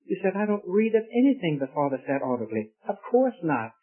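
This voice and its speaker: Male preacher, high voice, emphatic and questioning, heard over a thin radio-like line. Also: big pitch swings, fairly quick. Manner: earnest, emphatic, questioning the listeners. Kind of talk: sermon. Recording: tinny lo-fi radio broadcast.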